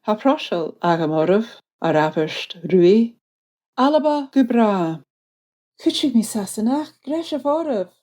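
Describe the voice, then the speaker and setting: Highland healer, mock Gaelic, brisk, warm mellow tone. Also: female voice, animated. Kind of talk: comic audio drama acting.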